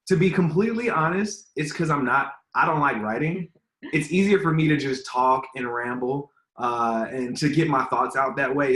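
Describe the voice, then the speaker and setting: A man's voice: medium pitch, a bit bright. A man being interviewed as a guest, answering in an earnest, rambling way with many fillers. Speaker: relationship content creator, guest. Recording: roomy echo.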